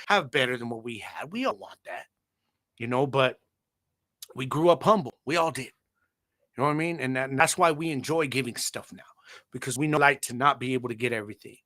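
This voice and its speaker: A man hosting a podcast, telling a childhood story in a casual, slangy way and talking straight to his listeners. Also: a little high. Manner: animated, slangy, addresses audience directly. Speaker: podcast host.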